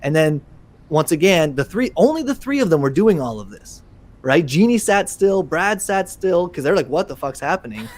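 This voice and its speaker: A man co-hosting a fan podcast, retelling events in an animated, excitable way with many restarts. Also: high voice, normal speed. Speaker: podcast co-host. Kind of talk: casual chat.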